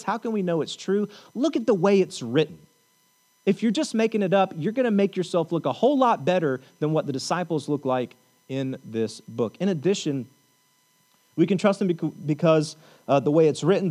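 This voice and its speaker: A male pastor preaching a conversational sermon in a church, often checking in with the congregation and making joking asides. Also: high voice.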